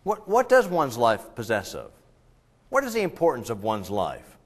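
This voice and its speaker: A man preaching a sermon in a church, talking with the congregation, asking them questions and swinging between loud and quiet delivery. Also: medium pitch, wildly swooping pitch, moderate pace. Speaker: pastor.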